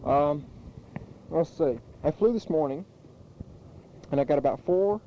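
A man's voice: on the high side, animated. A young man recording a rambling, chatty spoken letter home on cassette tape. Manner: rambling, chatty, with fillers and pauses. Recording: muffled old cassette tape with loud hiss.

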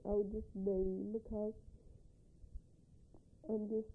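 Woman with a drawl, husky and gravelly. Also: medium pitch, level tone, takes it slowly, narrow, tinny audio. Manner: rambling, tender and homey. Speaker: young mother recording a letter to her husband. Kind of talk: spoken audio letter.

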